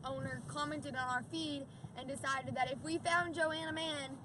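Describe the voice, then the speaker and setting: A woman's voice: sits high, fairly even intonation, moderate pace. A woman contestant chatting casually to camera, explaining things plainly. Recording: distant phone mic in a noisy car.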